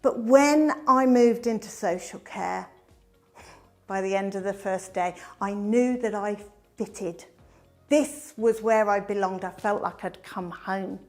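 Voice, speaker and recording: A middle-aged woman tells her own life story as a presentation. She is an animated storyteller who swings from bright emphasis to hushed asides. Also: medium pitch, slow pace, soft background music.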